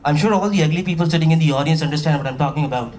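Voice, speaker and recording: A male Pakistani stand-up comedian with a fairly high voice performs a routine on a comedy stage before a live audience. He talks very fast, chatty and animated, bantering with the crowd and throwing in playful asides. The live mic sits a bit distant, with faint hiss.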